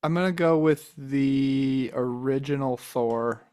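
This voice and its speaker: A man's voice: medium pitch, slow, a little mellow, smooth. A man co-hosting a casual chat, hesitant and sighing over his choices. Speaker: podcast co-host.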